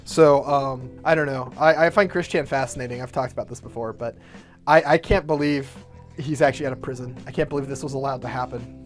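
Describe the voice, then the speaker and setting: A man's voice: medium pitch, fairly even intonation, fast talker, faint music behind. A young man hosting a casual podcast chat, rambling with fillers and frequent laughter. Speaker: podcast host.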